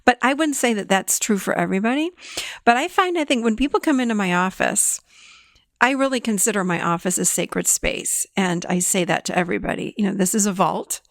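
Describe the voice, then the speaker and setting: A woman hosting a podcast as a therapist, talking in an animated, emphatic way and laughing often. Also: medium pitch, fairly quick, creaky, no room sound, studio quality. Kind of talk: conversational podcast talk.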